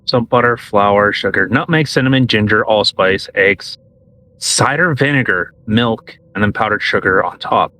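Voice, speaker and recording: A man's voice: fairly low pitch, normal speed, pushed and bright, a little hiss or hum. A man co-hosting a casual podcast who rambles and hesitates, restarting his sentences as he talks. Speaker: podcast co-host.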